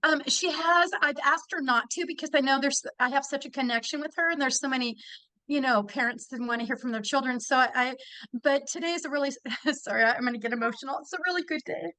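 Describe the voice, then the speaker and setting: A high-pitched woman, a bereaved mother, answering a medium on a video call. She speaks haltingly and softly. The sound is dry, with no room around it. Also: no echo, low-quality recording. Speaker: bereaved parent, group member. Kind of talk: casual talk in a reading.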